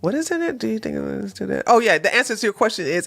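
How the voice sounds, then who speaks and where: A woman's voice: on the high side, sing-song, very fast, creaky, few pauses, fairly bright tone. A woman hosting a livestream, giving casual, sarcastic commentary and often breaking into laughter. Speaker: livestream host. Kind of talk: casual commentary reading chat.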